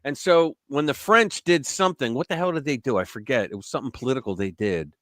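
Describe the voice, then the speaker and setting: A man's voice: mid-range voice, fast, a bit bright, dry recording, clean studio sound. A man hosting a casual live-stream commentary show, blunt and profane, laughing at his own jokes. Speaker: host.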